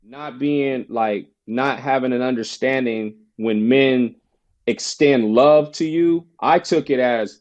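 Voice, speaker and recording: This former basketball player, a guest on a podcast, takes his time telling a personal story in a relaxed interview, mimicking the people he quotes. His voice is medium in pitch with a darkish tone, and the audio is muffled.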